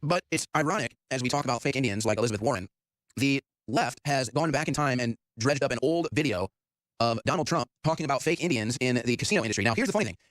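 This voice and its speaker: A man hosting a talk show, giving excited, sarcastic commentary and acting out quotes. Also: mid-range voice, fast, no room sound. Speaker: show host.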